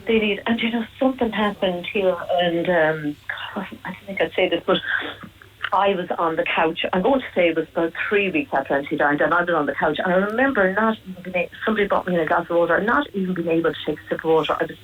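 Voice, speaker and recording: A woman guest on a radio interview, speaking in a halting, emotional and reflective way about personal loss. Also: fairly low pitch, recorded from a distance, narrow, tinny audio.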